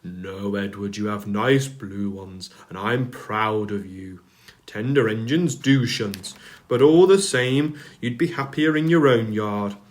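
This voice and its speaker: Man doing stern railway boss, firm, commanding, slowish, storybook. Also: lowish voice. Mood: kind.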